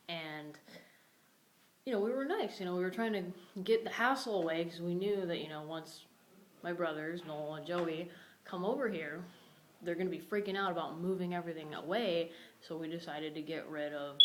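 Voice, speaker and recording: A young woman with a low voice vents to the camera in a casual vlog, upset and swearing freely. A faint hiss sits under the recording. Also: poor audio. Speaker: vlogger.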